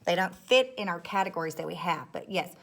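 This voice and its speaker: A woman's voice: fairly low pitch, lively intonation, fairly quick, vocal fry, a bit bright. Woman teacher doing a phonics lesson for little kids, patient, step by step, keeps checking in. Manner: patient, explains step by step, frequent "okay?" checks. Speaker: third grade teacher. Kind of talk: recorded classroom phonics lesson.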